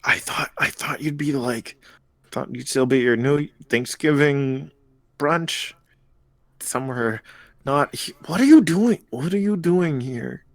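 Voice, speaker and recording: A man's voice: medium pitch, expressive, a little slow, no echo. A man voicing a nervous, flustered young man who stammers as he talks to an old friend.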